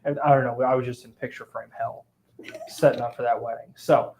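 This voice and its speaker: A man hosting a sales training talk show, telling stories in a lively, animated way and acting out both sides of a conversation. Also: mid-range voice, a little fast, slight background noise. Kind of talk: casual storytelling chat.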